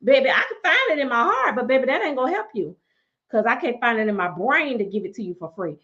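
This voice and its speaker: Sassy woman, a fairly high voice, laughs a lot and talks straight to her viewers over dull livestream audio. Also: fast talker. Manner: sassy, animated, laughs often, calls viewers baby and y'all. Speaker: livestream host. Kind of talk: casual livestream chat with viewers.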